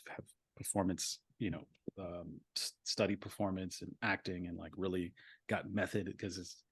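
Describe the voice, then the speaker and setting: A man's voice: low voice, dry recording, clean studio sound. A man in his thirties, a voice actor guest on a podcast, talking casually and rambling with lots of "like" and "you know.".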